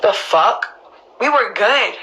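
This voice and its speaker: A woman's voice: mid-range voice, expressive, takes it slowly, pushed and bright, rough recording. A woman on a live stream, talking emotionally and emphatically, swearing and repeating herself for stress, often asking listeners if they understand. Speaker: livestreamer speaking up for her mother.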